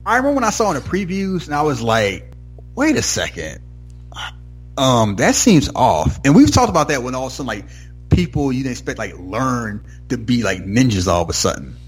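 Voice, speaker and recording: A man's voice: mid-range voice, fast, husky, soft background music. A man casually recapping a TV episode with a co-host, acting out characters' lines as he goes. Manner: animated, acts out characters' lines mid-story. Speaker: podcast co-host.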